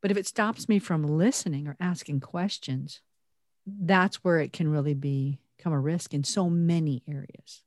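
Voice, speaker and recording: A woman co-hosting a podcast, talking earnestly and reflectively with animated emphasis. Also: low-pitched, normal speed, no echo, clean studio sound. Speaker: podcast co-host. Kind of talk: conversational podcast talk.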